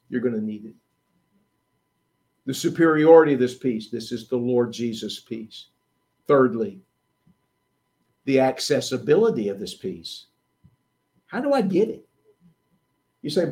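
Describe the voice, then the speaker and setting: A man preaching a sermon, emphatic, swinging between loud declarations and hushed asides, and acting out quoted prayers and questions. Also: a little high.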